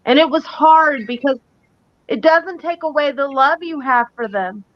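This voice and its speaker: Earnest, emphatic high-voiced woman. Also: unhurried, dry recording, muffled recording. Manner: earnest, emphatic, repeats key phrases. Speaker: psychic co-host. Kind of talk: live-stream talk show chat.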